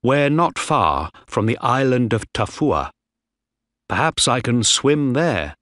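A young ship officer speaks with defiant, firm resolve, as a man puts him on. His delivery is slow and his pitch moves a lot, recorded dry and close. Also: very animated, fairly bright tone, no echo. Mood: desperate.

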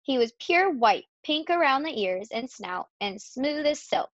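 A woman reads a children's chapter book aloud in a steady, expressive voice. Her voice sits a little high. The recording is dry and somewhat dull. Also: unhurried, no echo. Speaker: reader. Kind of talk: storybook read-aloud.

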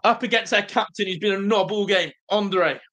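A fan channel host, excitedly calling a live football watch-along, overwhelmed and breathless, chatting with viewers in the live chat. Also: mid-range voice, normal speed. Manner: excitable, shouting in celebration.

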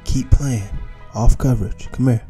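A man's voice: medium pitch, normal speed, dark tone, soft background music. A man giving casual live play-by-play commentary over his own football video game, hyped, profane and mocking himself. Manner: hyped, profane, self-mocking trash talk. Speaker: gaming channel host.

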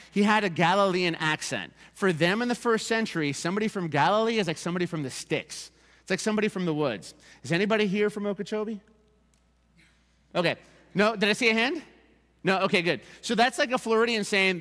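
Conversational preacher in a reverberant church. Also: male voice, a little high, a little fast. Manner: lively, conversational preaching with repeated calls for attention. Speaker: pastor. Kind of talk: sermon. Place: church sanctuary. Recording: long reverb of a church hall.

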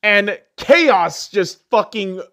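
Male podcast host, furious profane rant, very lively pitch, shouts then mutters. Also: very slow. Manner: angry, insulting, swings between yelling and muttering.

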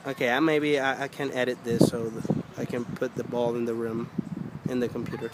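A man coaching his young daughter at basketball outdoors, coaxing and repeating encouragement, sometimes rising to loud urging. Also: flat delivery, brisk. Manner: encouraging, repetitive coaxing, gets loud and high when urging. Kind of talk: casual coaching. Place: outdoors by a hoop. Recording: faint outdoor background noise.

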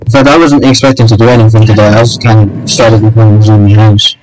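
A man's voice: on the low side, flat delivery, quick pace, a little mellow, faint music behind, rough recording. A young man hosting a casual game video, rambling and joking with lots of fillers and swearing. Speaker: gamer and video host. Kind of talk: casual gameplay role-play chat.

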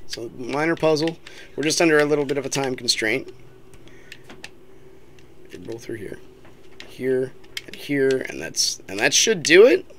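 A woman's voice: extremely low pitch, lively intonation, normal speed, long pauses, a little hiss or hum. A woman playing a roguelike and chatting with a child in a casual, playful, teasing way, recorded on a laptop webcam mic. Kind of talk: casual let's-play commentary.

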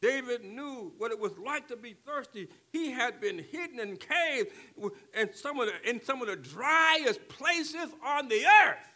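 Older preacher man, bright and lively. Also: extremely high pitch, a little slow, hardly any pauses. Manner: call-and-response preaching, swings from soft talk to shouting. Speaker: pastor. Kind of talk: sermon.

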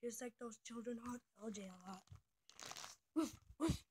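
A woman's voice: a little high, steady tone, a little fast, darkish tone, slight background noise. A young female speaker who says she is twelve, chatting casually and giggling often as she hops between topics. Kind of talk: casual chat on a call.

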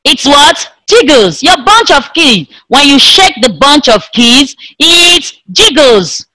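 A woman teaching an online science class to young pupils in a slow, sing-song way, imitating the sounds of animals and objects. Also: sits high, very animated, pushed and bright, no echo, rough recording. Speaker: primary school teacher.

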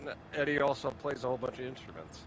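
A male co-player with a dry, deadpan way of telling jokes in casual gaming banter. His voice comes through a dull, muffled chat line, with loud noise running underneath, and his pitch is ordinary. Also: fast. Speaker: co-player on the stream.

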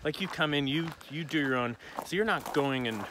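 A man in his forties, a comedian, chatting casually while hiking and telling animated stories outdoors. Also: fairly quick, noisy background. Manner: animated storyteller, jumps into high voices for quotes. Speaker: comedian guest.

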